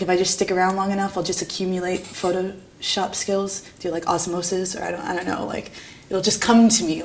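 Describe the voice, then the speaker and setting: Young new girl, art student, jokey and sweary, laughs a lot, bit of low rumble in the background. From New York. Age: young adult. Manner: irreverent, self-mocking, laughs often, swears casually. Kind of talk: candid documentary interview.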